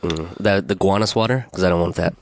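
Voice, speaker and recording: A man's voice: low voice, quick pace. A man who produces and introduces a casual podcast, laughing often and teasing the hosts. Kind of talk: casual chat.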